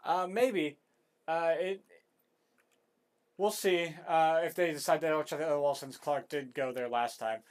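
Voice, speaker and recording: A man's voice: a little high, steady tone. Man calling esports play-by-play. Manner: quick, filler-heavy calls. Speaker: esports caster. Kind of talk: play-by-play commentary.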